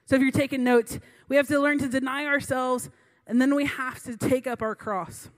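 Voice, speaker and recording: A woman's voice: sits high, fairly even intonation, moderate pace. A woman in her late twenties, a youth pastor, giving a sermon in a chatty storytelling way with many fillers.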